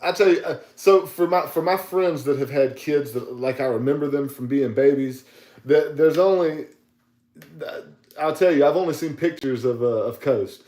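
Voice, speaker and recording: A man's voice: a little high, moderate pace, mellow, reverberant. A man, co-hosting a podcast in casual chat, stammering and repeating words. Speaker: podcast co-host.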